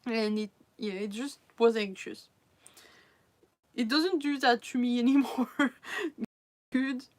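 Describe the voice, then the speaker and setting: Her voice is a little high and a little mellow, and she talks slowly as she chats casually on stream. The host is a native French speaker who giggles between phrases and hesitantly restarts sentences while looking for English words.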